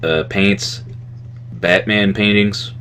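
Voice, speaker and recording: A man's voice: fairly low pitch, steady tone, slow, a bit bright. A man co-hosting a podcast in casual chat, rambling from one thought to the next, chuckling and trailing off with "anyway". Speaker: podcast co-host.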